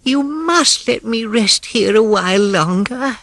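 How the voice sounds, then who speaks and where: A narrator voicing a timid, exhausted young male mole in a storybook reading, with a feeble, trembling voice and a slow, pleading manner. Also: mid-range voice, animated, creaky, a bit bright, no echo, studio quality, voice pushed up, exaggerated voice. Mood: frightened, weary.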